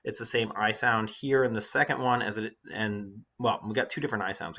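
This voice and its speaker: Bright-voiced male teacher explaining poetry. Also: lowish voice, steady tone, brisk, few pauses. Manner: talkative, thinks aloud with fillers and restarts. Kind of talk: classroom lecture with poem reading.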